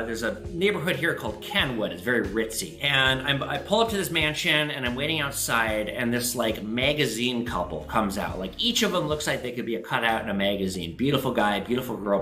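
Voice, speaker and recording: A bright, forceful male voice with a lively, swooping pitch, telling stories casually and cursing freely. The room around him rings with echo, and faint music plays under him. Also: moderate pace, hardly any pauses. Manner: animated, profane, jumps to high pitch for quoted voices. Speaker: host answering viewer questions. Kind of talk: casual storytelling monologue.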